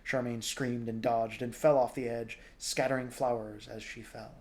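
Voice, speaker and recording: A young adult man reading a novel aloud in a relaxed, informal way. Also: mid-range voice, moderate pace, a little hiss or hum. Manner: relaxed, informal, jokes at stumbles. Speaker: storybook reader.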